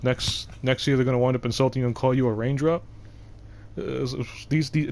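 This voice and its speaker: Young male game streamer, deep voice, loose digressive chat. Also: a little mellow, slight background noise. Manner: rambling, digressive, frequent restarts. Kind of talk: casual livestream chat.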